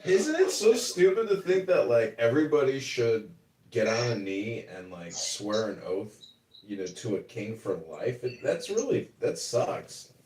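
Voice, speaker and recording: Animated, profane man chatting casually. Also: mid-range voice, measured pace, distant mic. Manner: profane, rambling, mocking. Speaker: podcast host and political candidate. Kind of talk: casual chat. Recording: roomy room, away from the mic.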